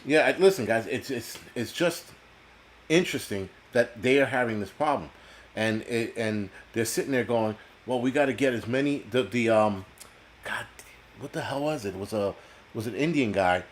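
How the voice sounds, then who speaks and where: A man hosting his own live stream, talking straight into a computer mic in a loose, profane rant. He is blunt and opinionated and keeps breaking off to answer the chat. His voice sits at an ordinary middle pitch for a man. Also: moderate pace, slight background noise. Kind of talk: casual ranting live stream. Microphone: computer mic on a video call.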